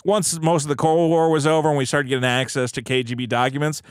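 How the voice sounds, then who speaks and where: A man's voice: on the high side, level tone, fast, clear, resonant tone, no room sound, studio quality. A man co-hosting a casual comedy podcast, telling stories in a rambling, profane, joking way. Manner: rambling, profane, jokey storytelling. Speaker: podcast co-host.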